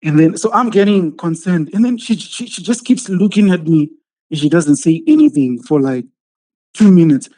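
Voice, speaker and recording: A man's voice: fairly high pitch, animated, normal speed, dark tone. A man telling a story in casual chat, acting out the quotes and laughing often. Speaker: podcast host telling a story.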